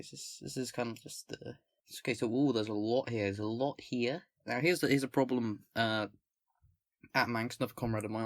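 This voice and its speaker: Male host from England, casual political commentator, halting and rambly delivery, close mic with no room sound. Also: medium pitch, a bit bright, no echo. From England, not the North. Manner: rambling, halting, many fillers and restarts. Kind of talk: casual commentary with manifesto reading. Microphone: own microphone, close.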